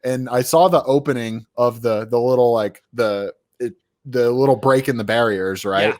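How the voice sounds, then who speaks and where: A male podcast co-host chats casually, often restarting his sentences as he goes. His voice sits at a mid pitch for a man. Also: moderate pace, a little mellow. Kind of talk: casual chat.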